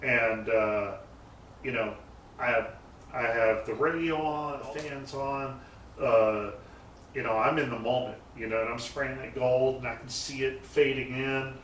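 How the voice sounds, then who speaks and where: In a garage shop, a man who builds and paints custom cars tells shop stories during a casual interview, rambling with many fillers and restarts. His mid-range voice is fairly bright, with fairly even intonation and a measured pace. The recording has a roomy echo, a distant mic and faint noise.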